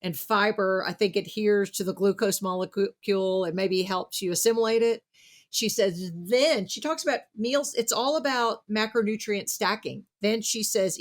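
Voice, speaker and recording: A woman's voice: mid-range voice, a little slow, fairly bright tone. A woman hosting a podcast, chatting casually and retelling a book with enthusiasm. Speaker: podcast host. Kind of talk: casual conversational interview.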